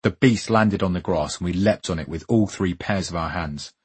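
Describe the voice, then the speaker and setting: A man narrates a first-person memoir in a fairly low, husky voice. His reading is wry and vivid, with a dramatic sense of pacing. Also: normal speed. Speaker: storyteller.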